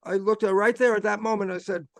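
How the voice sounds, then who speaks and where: High-voiced older man telling a story. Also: quick pace, vocal fry, no echo, studio quality. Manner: animated, repetitive emphasis. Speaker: guest speaker answering questions. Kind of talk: storytelling talk.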